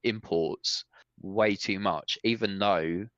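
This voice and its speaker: A man hosting a casual podcast chat, talking in animated, opinionated rants. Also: sits low, takes it slowly, no room sound. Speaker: podcast host. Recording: dull, dry podcast mic.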